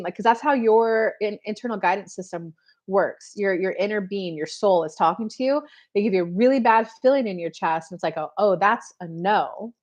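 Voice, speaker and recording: A woman, a spiritual coach hosting a casual live show and chatting straight to her viewers with many fillers. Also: mid-range voice. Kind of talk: casual live-stream chat.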